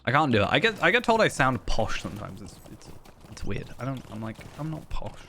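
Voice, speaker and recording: A man's voice: medium pitch, very animated, a little fast, gravelly, sharp tone. A man chatting in a rambling, self-deprecating way while streaming a game. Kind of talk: casual gaming commentary. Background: faint game music.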